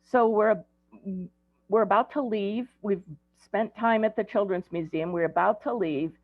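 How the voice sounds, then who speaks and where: A woman's voice: medium pitch, measured pace, dry recording, faint music behind. A woman in her sixties, an ADHD coach, giving a conversational talk to parents, telling stories with frequent ums. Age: 60s. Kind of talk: presentation to parents. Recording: tinny phone-like dry audio.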